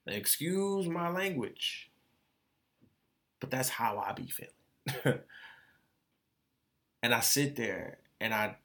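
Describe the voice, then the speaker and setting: A man's voice: mid-range voice, big pitch swings, slow, long pauses, fairly bright tone. A young adult man hosting his own podcast, speaking in a candid, profane, emotional monologue and repeating phrases as he vents. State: tearful. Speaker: podcast host.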